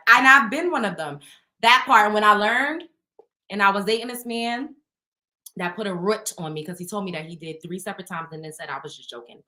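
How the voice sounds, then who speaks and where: A woman's voice: lowish voice, pushed and bright. A woman hosting a casual chat show, telling stories bluntly with plenty of swearing and frequent laughter. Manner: blunt, profane storytelling; laughs often while talking. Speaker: host.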